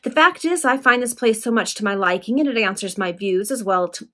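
A woman reading a gruff menacing grave robber. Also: on the high side, lively intonation, a little fast, a bit bright. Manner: gruff, coolly threatening. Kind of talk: casual read-aloud of a Victorian serial.

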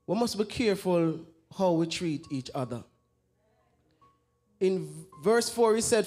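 A man giving an earnest church exhortation, reading scripture slowly and calling on the brethren. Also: high voice, a little mellow. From Jamaica. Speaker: church brother giving encouragement. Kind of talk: sermon exhortation.

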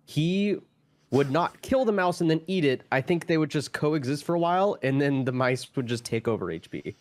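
A man's voice: a little high, lively intonation, moderate pace, darkish tone, dry recording. A man chatting on stream as a co-host, blunt and swearing, breaking into laughter. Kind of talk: casual stream chat.

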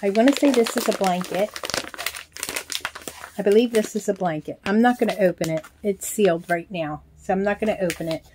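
A woman's voice: mid-range voice, a little fast, noisy background. Older grandmother vlogger, chatty and gushing, recorded on a phone at home. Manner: gushing, warm-hearted, with filler ums. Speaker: reborn doll collector vlogger. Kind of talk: casual chat to camera. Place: small bedroom at home. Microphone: handheld phone.

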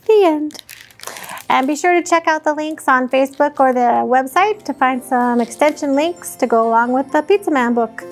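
A woman children's librarian reading a picture book aloud in a slow, clear storytime manner. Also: sits high, faint music behind.

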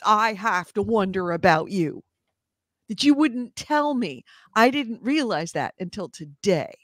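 A woman co-hosting a casual podcast chat, talking in an animated, mock-outraged way. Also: fairly low pitch, no room sound, studio quality. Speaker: podcast co-host.

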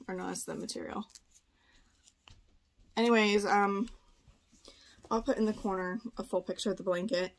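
A woman's voice: mid-range voice, vocal fry. Chatty pregnant woman reseller. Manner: chatty, thinking aloud, frequent "like" and "uh". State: heavily pregnant, a little short of breath. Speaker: part-time online reseller. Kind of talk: casual thrift haul vlog. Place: indoor room at home, seated before camera.

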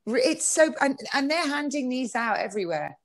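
Exasperated woman, animated and sarcastic. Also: high voice, normal speed. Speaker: interview guest. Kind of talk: political interview.

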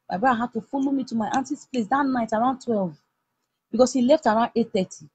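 A young Nigerian woman with a husky voice, heatedly retelling a personal story with many restarts. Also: a little high, quick pace, darkish tone, no echo. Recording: dull lo-fi recording.

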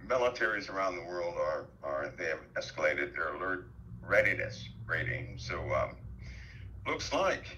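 Guest man on a headset, low pitched, tense tone, halting delivery full of fillers, faint hiss behind. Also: very animated, sharp tone, low-quality recording. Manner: halting, many fillers and restarts. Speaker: guest commentator. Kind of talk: call-in talk show chat.

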